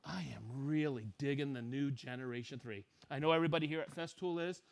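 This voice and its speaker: A middle-aged man hosting a live stream, excitedly reading out where viewers are watching from. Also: on the high side, quick pace. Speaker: livestream host.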